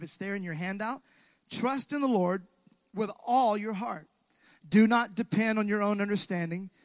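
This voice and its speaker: A man's voice: high voice, a bit bright, no echo. A man preaching a sermon as pastor in a church, calling out to the congregation and asking them to answer back. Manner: preaching with call-and-response to the congregation. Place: church sanctuary.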